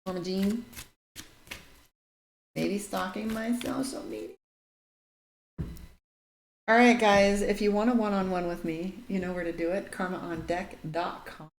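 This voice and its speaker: A woman's voice: medium pitch, unhurried, long pauses. A woman giving casual live tarot readings, chatty and blunt, reading out viewer comments and swearing now and then. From Irish heritage. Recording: echoey room with faint noise.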